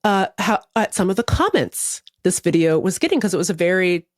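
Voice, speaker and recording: A woman co-hosting a podcast, chatting casually in a wry, deadpan way with some swearing. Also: lowish voice, fairly quick, no echo, studio quality. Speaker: podcast co-host.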